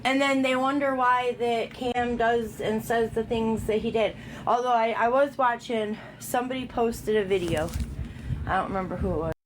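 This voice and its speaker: A woman's voice: on the high side, steady tone, normal speed, slight background noise, low-quality recording. A woman chatting casually and gossiping, with many fillers and restarts. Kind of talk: casual commentary on a played recording.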